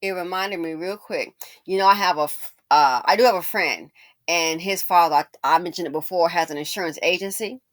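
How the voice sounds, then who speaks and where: A woman hosting her own channel, giving casual, animated commentary with sassy asides. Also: lowish voice, a little fast. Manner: animated, sassy, mimics people in quotes.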